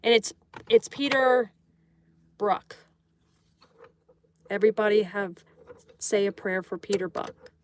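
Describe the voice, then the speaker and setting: A woman with a mid-range voice hosts a casual livestream, drawing while she chats and greets viewers by name. She reads their comments aloud slowly, pausing often, with a little hiss or hum in the audio.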